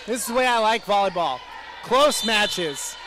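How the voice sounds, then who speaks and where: A man's voice: high-pitched, lively intonation, unhurried, a crowd in the background, noisy background. A man calling a college volleyball match in a casual, jokey, rambling way. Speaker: play-by-play commentator. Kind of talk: casual sports commentary.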